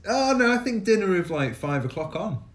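A man's voice: high voice, sing-song, brisk, crowd noise. A man from England with a southern English accent, co-hosting a podcast with brief, easygoing replies. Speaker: podcast co-host. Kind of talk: casual chat. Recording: echoey room with loud noise.

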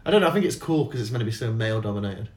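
A man's voice: lowish voice, animated, very fast. A man hosting a podcast, talking in a rambling, self-mocking way and laughing often. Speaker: podcast host. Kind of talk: casual chat.

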